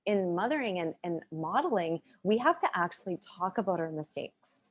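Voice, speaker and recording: Speaking over a video call in a conversational interview, a woman guest educator gives earnest advice about raising girls. Her voice sits on the low side, with a sing-song lilt at a normal pace.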